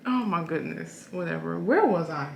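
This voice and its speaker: A woman's voice: on the low side, expressive, moderate pace, vocal fry, reverberant, a little hiss or hum, poor audio. A woman in her thirties, a family vlogger, chatting casually about how she met her husband, flustered and giggly, often tacking on "okay?". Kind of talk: casual storytelling chat.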